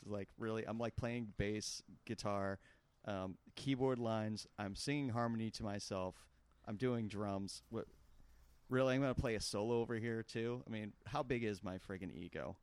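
A man's voice: lowish voice, normal speed, clean tone, no echo. A male podcast co-host and musician chatting casually, poking fun at himself. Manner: self-mocking, animated. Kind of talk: casual chat.

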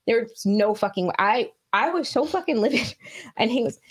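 A woman's voice: fairly high pitch, expressive, moderate pace, slightly rough. A middle-aged woman from New York, a co-host in casual chat, blunt and heated, swearing freely as she rants.

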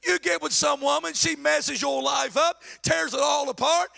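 A man preaches a sermon in a very high, gravelly voice. His tone is bright and forceful. He slides from low asides into shouted exhortation and acts out the voices he quotes with mocking flair. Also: steady tone, normal speed, hardly any pauses. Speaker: pastor.

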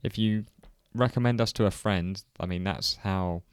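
A man's voice: sits low, normal speed, smooth, dry recording, studio quality. A man co-hosting a podcast, speaking earnestly with many hesitations. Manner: hesitant, full of fillers and restarts, earnest. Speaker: podcast co-host. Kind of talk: casual podcast chat.

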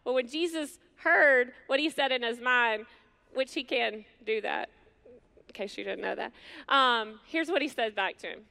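A middle-aged woman preaching a sermon to women, earnest and conversational, with slow, emphatic pauses. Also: a little high, vocal fry, pushed and bright. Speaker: women's ministry speaker.

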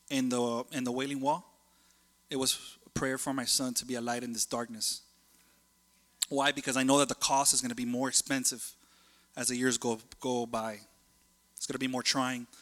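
A man preaching a sermon in a chatty, animated way, telling family stories and jumping between thoughts. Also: medium pitch, long reverb tail.

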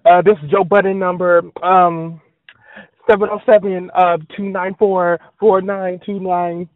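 A man's voice: high-pitched, little pitch movement, a little slow, dry recording. A man rambling in a scattered monologue, full of fillers and trailing asides. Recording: phone-like dry audio.

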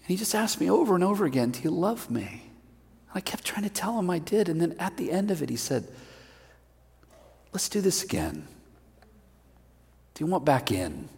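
The apostle Peter, as a preacher puts him on, tells his own story in awe and humility, his husky voice climbing high with feeling. It rings out with a long reverb, as though in a large hall. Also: moderate pace, long pauses, heavily acted. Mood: humbled. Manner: earnest first-person retelling, excitable. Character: apostle Peter, grown man, awed and humbled.

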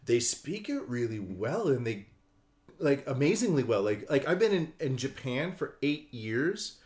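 A man co-hosting a podcast in casual chat, telling travel stories in an animated, excitable way. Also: mid-range voice, unhurried. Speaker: podcast co-host.

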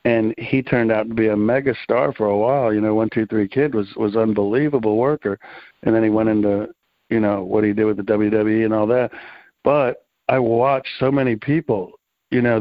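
A middle-aged man tells loose, rambling stories in a relaxed interview, leaning on fillers and easy slang. His voice sits at an ordinary pitch. The recording is dry and a little dull, like lo-fi audio. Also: no room sound. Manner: rambling, laid-back, full of fillers and slang. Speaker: interview guest, former wrestling promoter. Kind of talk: casual storytelling interview. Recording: slightly dull, dry lo-fi sound.

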